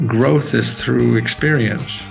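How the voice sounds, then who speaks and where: An older man talking as a podcast guest, animated and laughing often, with his voice jumping high when he gets excited. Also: slow pace, vocal fry, faint music behind, poor audio. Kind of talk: casual interview talk.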